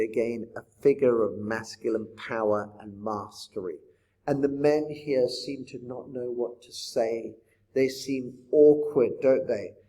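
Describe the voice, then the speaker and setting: In a mellow voice of medium pitch, a man leads a thoughtful poetry lesson, frequently putting rhetorical questions to the audience as he lectures.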